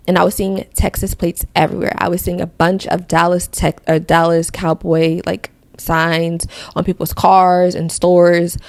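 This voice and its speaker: Chatty young woman with gravelly voice. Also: on the low side, no room sound. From Connecticut, USA. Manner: chatty storytelling with many fillers. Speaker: podcast host. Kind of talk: casual faith testimony.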